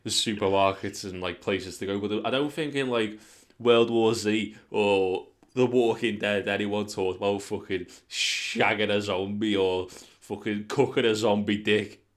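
A man's voice: on the low side, a little slow. A man, co-hosting a podcast in casual, sweary banter. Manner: sweary, animated storytelling. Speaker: podcast co-host.

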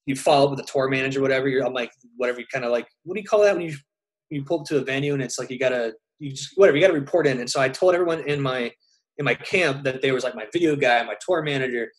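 A man's voice: mid-range voice, poor audio. A young man, a touring musician, chatting casually and telling stories in a loose, rambling way with many restarts. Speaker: touring musician, podcast co-host. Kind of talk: casual chat.

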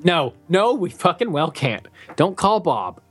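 Young male co-host, expressive swings in pitch, swears constantly, faint music under him. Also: measured pace, husky. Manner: profane, rambling storyteller, laughs often. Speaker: podcast co-host. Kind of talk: casual chat.

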